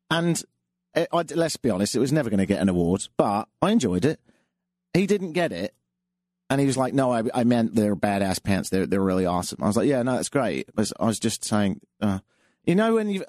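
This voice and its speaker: A man's voice: mid-range voice, big pitch swings, fairly quick, a little mellow, no echo. A man hosting a call-in radio show, telling stories and jokes in a dry, self-mocking way. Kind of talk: casual monologue with jokes.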